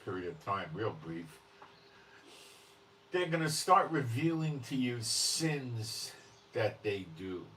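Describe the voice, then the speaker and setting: A man's voice: medium pitch, very animated, slow pace, long pauses, pushed and bright, a little hiss or hum. Blunt, emphatic man preaching at a distance. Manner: blunt and emphatic, often checks in with "okay?". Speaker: religious commentary host. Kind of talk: unscripted religious monologue.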